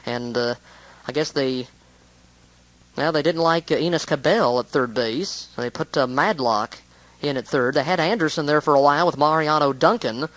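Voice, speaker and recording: A man's voice: a little high, normal speed, a bit bright, no echo, rough recording. A man giving a casual, rambling spoken recap of a baseball game, with many hesitations.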